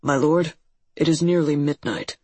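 Reader voicing a cold killer of a servant, formal and clipped, slightly husky tone. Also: medium pitch, steady tone, normal speed, a little mellow, no room sound, close to an everyday voice.

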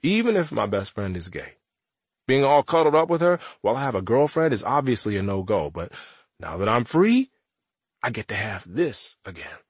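A man's voice: lowish voice, sing-song, moderate pace, husky, no echo. A man narrating an audiobook in the first person as a teenage boy, with a wry, conversational delivery.

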